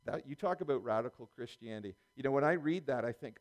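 A man's voice: mid-range voice, fast, few pauses. A middle-aged man preaching a sermon in a conversational way, full of restarts and small chuckles.

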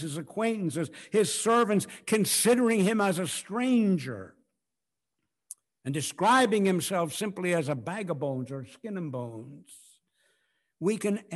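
A man preaching a sermon, swinging from hushed, drawn-out phrases to loud, ringing declarations as he acts out scripture. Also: mid-range voice. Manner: dramatic swings from hushed to loud, acting out quotes.

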